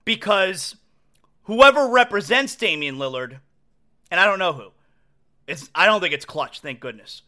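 Male sports podcast host, high and lively voice, emphatic opinionated monologue with restarts. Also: a little slow, long pauses. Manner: emphatic, rambling with restarts and asides.

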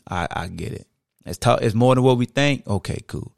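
A man's voice: medium pitch, lively intonation, moderate pace, vocal fry, no room sound, studio quality. A man hosting a podcast, talking casually into a microphone and acting out what fans say to him. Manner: conversational, acts out quoted fans. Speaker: podcast host.

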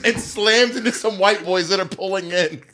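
A man's voice: high-pitched, moderate pace, background noise. A man telling a story in casual chat, laughing often and acting out what people said. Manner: animated, laughing, acts out quotes.

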